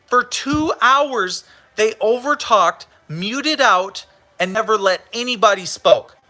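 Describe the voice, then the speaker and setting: A man's voice: high-pitched, pushed and bright. A man hosting a livestream, ranting heatedly with profanity and lots of repetition. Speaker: livestream host.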